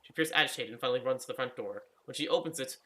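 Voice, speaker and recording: A man narrating a fantasy story aloud in a casual read-aloud style, reading quickly and often stumbling and correcting himself. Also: medium pitch, a bit bright.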